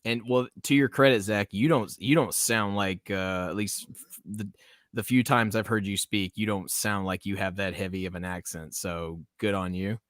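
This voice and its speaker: A man's voice: fairly low pitch, steady tone, normal speed, fairly bright tone, no echo, studio quality. A man from the American South hosting a casual live podcast stream, rambling, laughing often and reading chat comments aloud. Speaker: podcast host.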